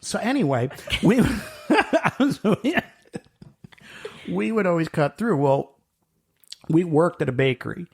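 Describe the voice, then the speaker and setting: A middle-aged man with a gravelly, slightly raised voice chats on a podcast. He rambles through stories and laughs often. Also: sits high, animated, slow pace, pauses often. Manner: rambling storyteller, laughs often, acts out quotes. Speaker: podcast co-host. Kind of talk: casual chat.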